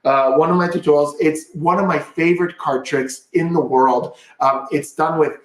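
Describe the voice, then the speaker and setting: A man's voice: a little high, steady tone, moderate pace, roomy sound. Upbeat man hosting a magic livestream. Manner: upbeat and chatty, explains tricks step by step. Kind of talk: casual livestream chat and magic tutorial.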